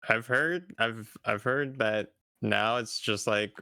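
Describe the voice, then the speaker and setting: Young man, low gravelly voice, easygoing chat, laughs a lot. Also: slow pace, pushed and bright, no echo. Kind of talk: casual chat.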